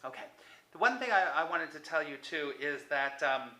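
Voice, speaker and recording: Bright-voiced man coaching in an echoey room. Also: a little high, expressive, moderate pace. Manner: coaxing, repetitive, drops to soft near-whispers. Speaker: self-help coach. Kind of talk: motivational talk to camera.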